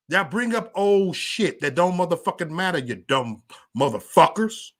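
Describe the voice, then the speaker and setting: A man ranting on a casual livestream, loud and profane, stammering and restarting, talking straight to viewers by name. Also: sits high, expressive, moderate pace. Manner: chats directly with viewers by name. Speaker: livestream vlogger.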